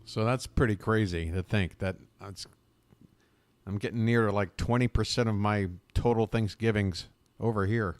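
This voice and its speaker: A man's voice: lowish voice, fairly even intonation, normal speed. An American man hosting a live stream from his home, rambling casually and chatting with viewers by name, with some swearing. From United States. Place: home abroad, living in Bangkok.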